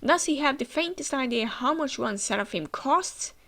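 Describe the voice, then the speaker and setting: A woman's voice: sits high, expressive, normal speed, fairly bright tone, voice pushed up. A woman voicing a folksy male scientist with a put-on cowboy drawl.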